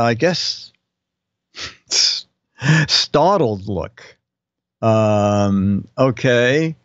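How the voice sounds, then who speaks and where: Older male host, high-pitched, unhurried, reading joke captions, dry muffled sound. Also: a bit bright, no room sound. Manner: reads joke captions aloud with chuckles. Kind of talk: casual comedic live-stream chat.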